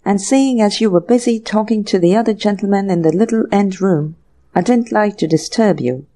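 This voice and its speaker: A woman's voice: medium pitch, normal speed, dark tone, close to an everyday voice. A woman voicing a polite, apologetic male manservant in an audiobook reading. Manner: respectful, ends phrases with "sir".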